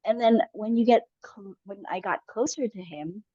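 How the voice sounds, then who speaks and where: Her husky, mid-range voice moves at a moderate pace as this podcast guest casually recounts a personal story, full of fillers and restarts. The recording is dry, dull, and lo-fi.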